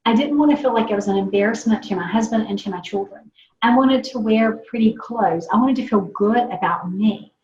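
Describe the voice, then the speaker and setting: A woman's voice: mid-range voice, brisk. Upbeat woman, roomy lo-fi sound. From American South. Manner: animated, enthusiastic storytelling. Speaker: guest. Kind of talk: casual podcast chat.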